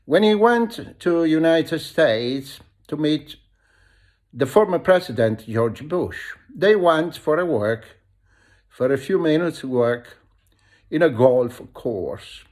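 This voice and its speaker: An Italian-accented man tells stories to camera at an unhurried pace. His pitch swings up and down freely as he goes. He hesitates often, filling gaps with ums while he hunts for the right word. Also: lively intonation, darkish tone. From Italy. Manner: hesitant, searches for words with many ums and restarts. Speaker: video host. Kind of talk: casual storytelling monologue.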